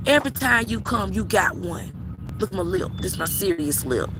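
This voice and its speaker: A woman's voice: a little high, noisy background. A woman tarot reader, talking bluntly and profanely in a casual vlog rant, recorded outdoors in a cemetery. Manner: blunt, profane, animated storytelling.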